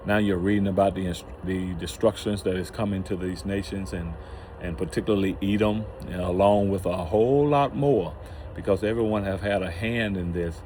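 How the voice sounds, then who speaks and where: Deep mellow guy rambling thru a bible teaching, lots of uh and and-and, faint traffic hum. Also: steady tone. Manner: halting, many restarts and fillers. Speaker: channel host. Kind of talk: casual religious teaching talk.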